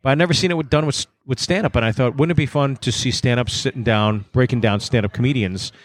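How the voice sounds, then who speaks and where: Comedian guest chatting casually. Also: male voice, mid-range voice, fast talker, a little hiss or hum. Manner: conversational, profane, restarts. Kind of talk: casual chat. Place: comedy club.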